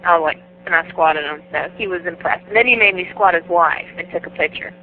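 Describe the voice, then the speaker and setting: A woman guest on an interview, telling stories in a casual, animated way, laughing often and acting out the people in them. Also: lowish voice, a little fast. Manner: animated, laughing, acts out the voices in her stories. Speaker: guest wrestler. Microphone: phone. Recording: tinny phone line, faint hiss.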